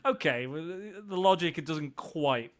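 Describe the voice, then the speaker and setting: A man's voice: fairly high pitch, lively intonation, a little slow, crowd noise. A man hosting a podcast, talking through a film casually with frequent restarts. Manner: hesitant, many restarts. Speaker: podcast host.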